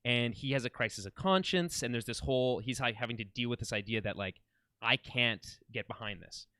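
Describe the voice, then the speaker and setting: A man with a smooth, resonant voice rambles through an eager recap of a TV show on a podcast. He keeps backing up and rephrasing as he goes. The sound is dry and close. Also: mid-range voice, fast, fairly bright tone, no room sound. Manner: rambling, enthusiastic, many restarts. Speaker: podcast co-host. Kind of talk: casual film and TV chat.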